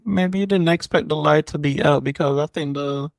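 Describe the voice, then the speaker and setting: A man in his forties co-hosting a podcast, talking in a slow, hesitant way and repeating words as he gathers his thoughts. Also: on the high side, gravelly, no echo, poor audio. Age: 40s. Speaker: podcast co-host. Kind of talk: casual movie chat.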